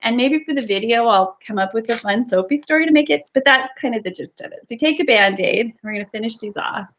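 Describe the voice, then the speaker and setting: A woman's voice: a little high, lively intonation, fast, a bit bright, slight background noise. A woman hosting a casual craft livestream, chatty and giggly as she talks and demonstrates. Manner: chatty, giggly, loose storytelling. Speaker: livestream host and soap maker. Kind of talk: casual live chat and craft demo. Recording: dull lo-fi livestream audio.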